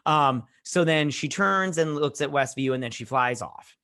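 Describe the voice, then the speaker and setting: A man's voice: medium pitch, expressive, fairly quick, sharp tone. A man hosting a TV review channel, recapping an episode in a casual, rambling way with lots of fillers and restarts. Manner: heartfelt, saying he feels choked up.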